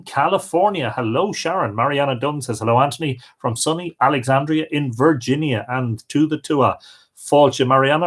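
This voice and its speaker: A middle-aged Irish man hosting a live stream, reading out viewers' comments and greeting each of them by name. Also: medium pitch. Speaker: host.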